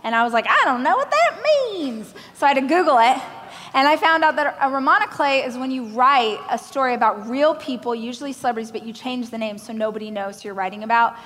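On the stage of a big live-event hall, a motivational speaker from Oklahoma in the United States delivers her keynote at a quick pace, her voice leaning high. Animated and self-mocking, she voices the other people in her story, captured with long hall reverb and a little background noise.

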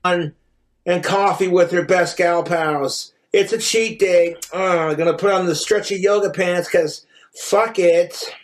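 A man from Wyoming with a notably high voice, rambling from one crude joke to the next. He talks in a loose livestream monologue, swearing freely. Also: fairly even intonation, unhurried. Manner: profane, rambling joke-telling.

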